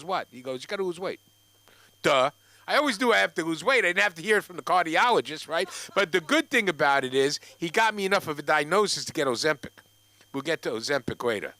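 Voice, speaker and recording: A man's voice: on the high side, sharp tone, no room sound. An older man doing open mic stand-up, telling a rambling story with restarts and asides to the crowd. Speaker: stand-up comic. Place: comedy club stage.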